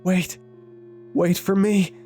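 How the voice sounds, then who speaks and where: A man's voice: high voice, level tone, slow pace, mellow, faint music behind, voice pushed up. A man voicing an unseen woods creature that mimics a boy's voice and calls out pleadingly from a distance.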